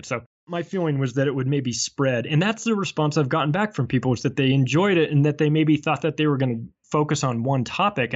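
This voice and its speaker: A man who is an author and podcast guest, talking in a chatty, animated way and acting out small exchanges. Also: medium pitch, highs cut off. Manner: chatty and animated, acts out little dialogues. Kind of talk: casual conversational interview.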